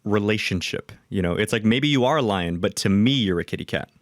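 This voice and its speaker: A man hosting a casual interview podcast, offering thoughtful, relaxed reflections on what his guest says. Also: fairly low pitch, brisk, no room sound, clean studio sound. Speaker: podcast host.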